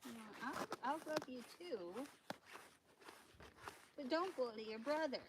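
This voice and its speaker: A woman's voice: sits high, animated, slow. A woman hosting a livestream, cooing baby talk to her animals and swearing now and then. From Maine. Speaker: channel host. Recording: loud background noise.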